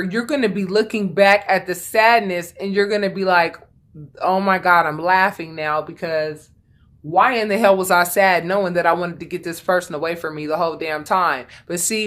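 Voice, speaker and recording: A woman with a medium-pitched, fairly bright voice gives a casual tarot reading. She's blunt and chatty, swears freely, and repeats lines for emphasis.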